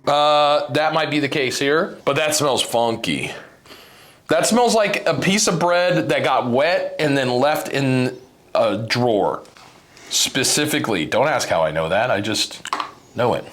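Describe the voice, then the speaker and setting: A man's voice: mid-range voice, lively intonation, unhurried, fairly bright tone. A man hosting a casual snack-tasting video, joking and complaining in an exaggerated way. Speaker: channel host tasting snacks.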